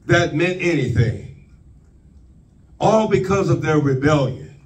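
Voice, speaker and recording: A man preaching a sermon, slow and deliberate, leaning on repeated phrases. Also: on the high side, recorded from a distance, low-quality recording. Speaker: pastor.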